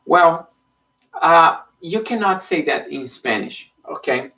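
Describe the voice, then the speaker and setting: A man's voice: a little high, expressive, slow pace, sharp tone, highs cut off. A man teaching an online Spanish lesson in English, explaining patiently and checking in with frequent "okay?". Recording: voice somewhat far from the mic.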